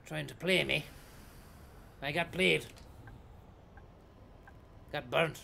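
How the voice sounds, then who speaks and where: Gravelly, bright-voiced Irish man bantering. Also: a little high, drawn-out words, a little hiss or hum. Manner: chatty, teasing, repetitive catchphrases. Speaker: streamer playing a bus driver. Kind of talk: comedic live-stream banter.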